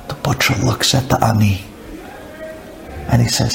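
A man telling a folk tale with dramatic delivery and sudden swings in pitch. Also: little pitch movement, moderate pace, vocal fry, a little hiss or hum. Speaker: storyteller.

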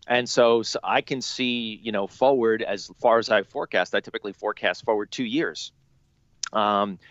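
A man's voice: fairly low pitch, no echo, highs cut off. A man co-hosting a podcast about money, chatting casually with lots of ums and restarts. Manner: relaxed, filler-heavy. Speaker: podcast co-host.

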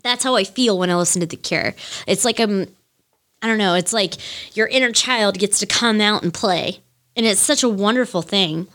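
A woman's voice: mid-range voice, normal speed, fairly bright tone. A woman in her thirties hosting a podcast, chatting casually and rambling with lots of fillers and the odd swear as she gushes. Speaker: podcast host. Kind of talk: casual solo music chat.

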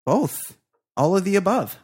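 A man's voice: high voice, very animated, unhurried, darkish tone, husky. A man co-hosting a comedy podcast in casual banter, swearing often and sounding emphatic and indignant. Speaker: podcast co-host.

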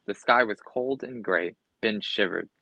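A man's voice: on the low side, unhurried, vocal fry, pushed and bright, dry recording, dull audio. A man reading a children's storybook aloud expressively, with occasional slips and restarts. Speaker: storybook reader.

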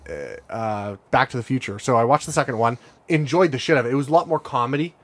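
Animated man swapping movie stories. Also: mid-range voice, quick pace. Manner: animated storyteller, swears, puts on silly voices for quotes. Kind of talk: casual chat.

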